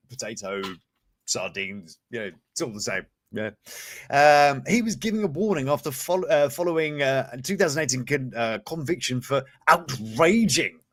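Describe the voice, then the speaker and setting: A man's voice: on the high side, a bit bright, no echo, studio quality. A man hosting a casual live-streamed news show, reading stories aloud with cheeky, sweary asides and frequent chuckles. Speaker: host of a news and reviews show.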